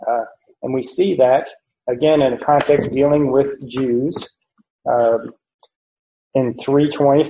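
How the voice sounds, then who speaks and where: A man teaching through a Bible passage verse by verse, explaining deliberately and pausing often to correct himself. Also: mid-range voice, fairly even intonation. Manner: slow, deliberate explanation with frequent "uh" and self-corrections. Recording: roomy, dull lo-fi recording.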